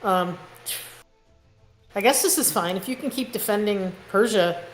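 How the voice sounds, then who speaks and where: A woman's voice: mid-range voice, a little slow, roomy sound, faint music behind, low-quality recording. A woman playing a strategy board game on a live stream, carefully going over her teammate's moves.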